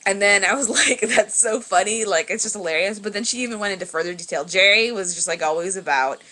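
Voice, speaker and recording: A woman's voice: medium pitch, fast, sharp tone. A young woman telling a rambling story in a casual vlog, full of fillers and laughing as she goes, recorded on a webcam indoors at home. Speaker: vlogger.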